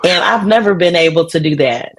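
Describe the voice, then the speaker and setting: A woman's voice: fairly low pitch, lively intonation, brisk. A middle-aged woman speaking as an interview guest, earnest and heartfelt as she reflects on her life. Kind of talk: casual interview.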